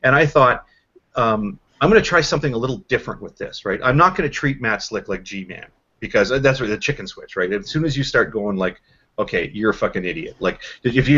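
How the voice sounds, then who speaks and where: A man's voice: on the low side, fairly bright tone. A man hosting a casual online chat, rambling with lots of restarts. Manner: rambling, many fillers and restarts, quick. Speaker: host. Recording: dull lo-fi voice call.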